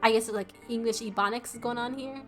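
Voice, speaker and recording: A woman's voice: fairly high pitch, steady tone, fairly quick, faint music behind. Chatty young woman streaming a game. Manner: casual, lots of "like". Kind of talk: live gameplay commentary.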